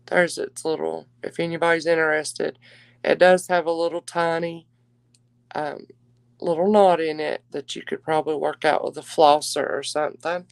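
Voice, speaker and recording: A woman's voice: low-pitched, clean tone, dry recording. A woman hosting a live-stream jewelry auction, chatting with viewers and calling them darling. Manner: chatty, warm endearments to viewers.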